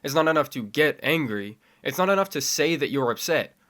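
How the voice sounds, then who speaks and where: A young man talking to camera in a spoken opinion essay, measured at first and building to impassioned, fiery delivery. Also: on the high side, expressive, a bit bright. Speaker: video essayist.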